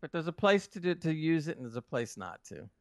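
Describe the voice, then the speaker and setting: A man's voice: on the high side, very animated, a little fast, dry recording, clean studio sound. A man in casual banter who argues passionately and repeats himself when worked up.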